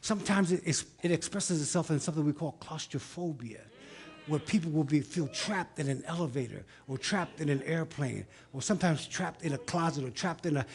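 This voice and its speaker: A man preaching a sermon, building rhythmic repeated lines up to loud shouts and then falling back to a quiet, reflective tone. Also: on the high side, brisk. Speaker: pastor.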